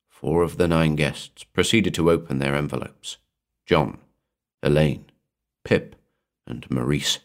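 A man reading a horror story aloud in a measured, atmospheric storytelling manner. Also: rumbling low. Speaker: narrator. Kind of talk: scripted horror narration.

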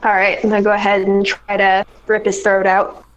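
A woman playing a tabletop role-playing game, eager and quick to laugh. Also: mid-range voice, completely flat delivery, highs cut off. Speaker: player. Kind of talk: casual tabletop game play.

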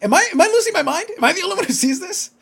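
A man's voice: extremely high pitch, sing-song, rapid-fire, vocal fry, a bit bright. A man co-hosting a casual podcast chat, ranting with profanity and disbelief. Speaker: podcast co-host.

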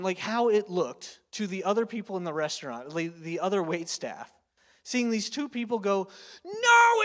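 Preacher in his thirties, high voice, casual storytelling sermon, long hall reverb. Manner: chatty, storytelling, lots of filler words and tag questions.

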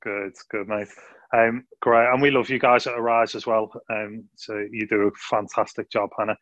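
A man's voice: fairly low pitch, flat delivery, normal speed, a bit bright, no echo, highs cut off. Chatty Scouse man hosting. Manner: friendly, filler-heavy, upbeat. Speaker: youth podcast host. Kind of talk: casual podcast chat.

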